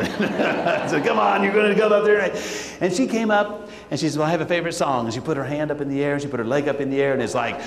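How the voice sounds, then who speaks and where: A man giving an animated talk to educators, telling stories, acting out quotes and leading chants with his audience. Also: mid-range voice, quick pace, slight background noise. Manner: lively, acts out quotes and leads call-and-response chants. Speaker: school administrator speaking to educators. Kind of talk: animated conference talk with storytelling. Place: large hall. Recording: echoey hall with long reverb.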